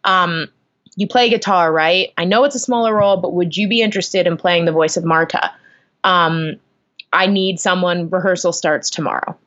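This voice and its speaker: A young woman telling a story in a casual interview at home, animated, acting out her own reactions. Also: fairly low pitch, lo-fi sound. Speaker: guest. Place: at home, on the floor. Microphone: video call.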